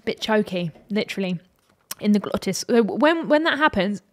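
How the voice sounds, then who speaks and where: A woman's voice: mid-range voice, expressive, normal speed. A woman, a vocal coach, analysing a song in a reaction video and demonstrating the sounds with her own voice.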